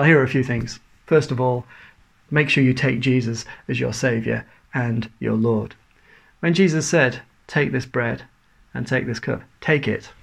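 A man delivers a sermon in an earnest preaching style, building his points through rhetorical questions. His voice has a noticeable gravelly edge, sitting at an ordinary middle pitch for a man. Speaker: pastor.

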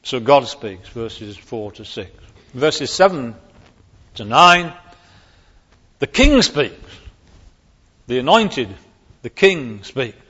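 Preaching a sermon on a psalm, a man hits key words emphatically, his voice rising sharply on them. His medium-pitched voice is husky, bright, and forceful, expressive and slow with frequent pauses, captured in a dull lo-fi recording with long hall reverb.

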